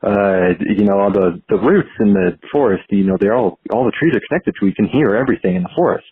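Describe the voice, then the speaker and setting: A man's voice: on the low side, animated, fast talker, breathy edge, dry recording. A man doing a talking forest tree on a phone line. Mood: explaining. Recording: tinny phone voicemail line.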